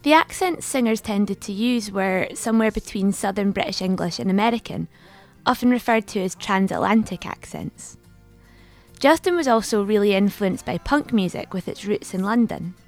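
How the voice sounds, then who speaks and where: Woman podcast host, scripted narration, expressive pitch, clear measured delivery. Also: faint music behind. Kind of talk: scripted documentary narration and interviewing.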